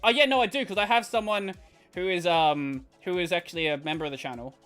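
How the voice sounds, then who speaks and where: A man with an Australian accent and a high, slightly nasal voice talks fast on a live stream, sounding a bit bright and smooth. He chats casually while reading out viewer questions, rambling with plenty of fillers and restarts. Faint music plays in the background.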